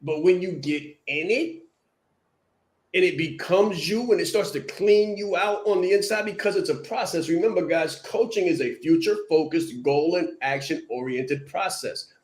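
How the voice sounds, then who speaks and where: A man's voice: high-pitched, normal speed, echoey room. A man hosting a podcast as a brand coach, giving a motivational talk and repeating key lines for emphasis.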